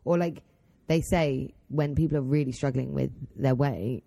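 A young woman in her twenties co-hosts a casual podcast. Her voice is strikingly low and mellow, and she muses aloud in an easygoing, agreeable way, recorded close and dry. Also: moderate pace, vocal fry, no room sound. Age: 20s. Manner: reflective, agreeable, thinks aloud. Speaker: podcast co-host. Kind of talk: casual chat.

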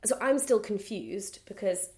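A woman's voice: medium pitch, a little slow, a little hiss or hum. A woman co-hosting a podcast, casually recapping a book and acting out its quotes as she goes. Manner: animated storytelling, acting out quotes. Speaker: podcast co-host. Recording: roomy echo.

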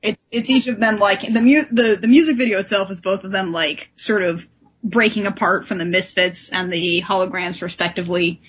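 A woman co-hosting a podcast who recaps an episode in a casual, animated way and often acts out the characters. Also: mid-range voice, moderate pace, slightly rough, lo-fi sound. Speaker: podcast co-host.

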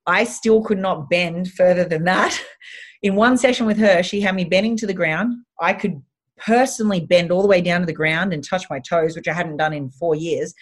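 A woman with an Australian accent, telling stories as an animated, chatty podcast guest who swears casually. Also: mid-range voice.

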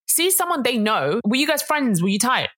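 A woman co-hosting a podcast in casual chat, animated, indignant and teasing. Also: fairly high pitch, moderate pace, no echo, clean studio sound. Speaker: podcast co-host.

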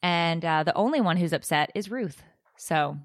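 This podcast co-host is a lively woman with a slightly low voice, telling stories in a casual chat at a moderate pace. She's an animated storyteller who acts out quoted dialogue. The studio sound is clean, with no room sound.

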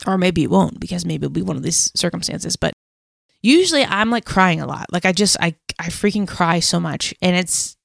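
A woman's voice: on the low side, expressive, normal speed, vocal fry, fairly bright tone, no echo, clean studio sound. A woman co-hosting a casual faith podcast, telling a story in a chatty, rambling way full of "like" and self-deprecating laughs. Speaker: podcast co-host.

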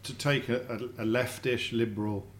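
A man's voice: medium pitch, fairly even intonation, normal speed, a little hiss or hum. A middle-aged man, chatting as a dinner guest and telling stories, often repeating words as he thinks. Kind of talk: casual dinner-table chat. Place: home dining room.

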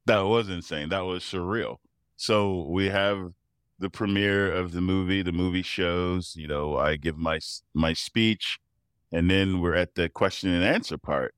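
A middle-aged man with a very low, deep voice tells personal stories in an interview, acting out the people he quotes and breaking into laughter along the way. He is recorded close to the mic in a dry space with no room echo. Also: measured pace, clean tone. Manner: animated storyteller who acts out quoted voices and laughs often. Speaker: interview guest, professional tuba player. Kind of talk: storytelling in a casual interview.

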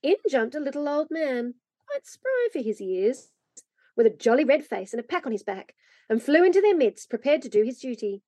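A woman reading a classic children's story aloud, expressive and lively. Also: high-pitched, moderate pace, no room sound. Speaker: reader.

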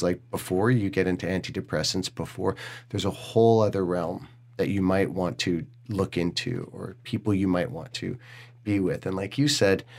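Middle-aged guy on a podcast, real low voice, swears a lot, gets emotional and earnest. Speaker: podcast host. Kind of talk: candid podcast conversation.

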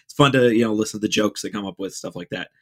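A man in casual podcast conversation, speaking haltingly with frequent false starts. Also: lowish voice, creaky. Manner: halting, many fillers and restarts, relaxed.

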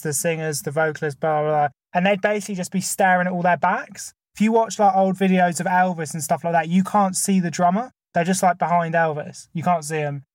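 A man's voice: high voice, no room sound, clean studio sound. Chatty man arguing his points. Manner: enthusiastic, argues point by point with many fillers. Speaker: podcast co-host. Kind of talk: casual chat.

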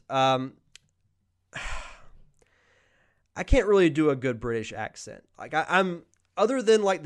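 A man's voice: medium pitch, clear, resonant tone. A young man hosting a podcast, chatting casually through a live Q&A, reading viewer questions aloud and answering off the cuff. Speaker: podcast host.

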